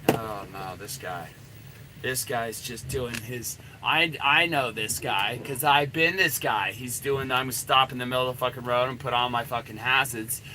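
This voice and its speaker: A man's voice: medium pitch, normal speed, hardly any pauses, bright, forceful tone, slight background noise, poor audio. A middle-aged man, a dating coach, giving a blunt, profanity-laden and rambling coaching rant.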